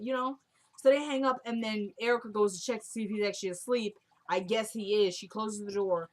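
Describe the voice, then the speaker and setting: A woman casually recapping a TV drama episode, retelling scenes by quoting the characters in a soft murmur. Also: mid-range voice. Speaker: TV recap vlogger.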